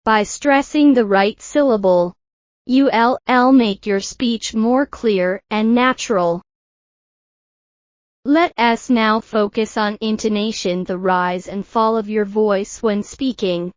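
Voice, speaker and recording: A woman teaching an English pronunciation lesson in a scripted style, modelling words slowly and clearly for the learner to repeat. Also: medium pitch, no echo, muffled recording. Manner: slow, deliberate, models words for repetition.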